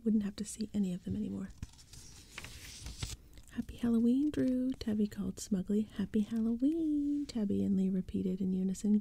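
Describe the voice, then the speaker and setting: A woman reading a spooky children's story in a soft, breathy whispered role-play, close to the mic. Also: mid-range voice. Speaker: ASMR storyteller.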